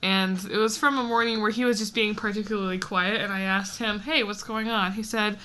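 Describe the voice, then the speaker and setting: A woman's voice: mid-range voice, fairly even intonation, brisk, sharp tone. A woman co-hosting a podcast in casual, giggly chat, playfully ranting. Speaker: podcast co-host.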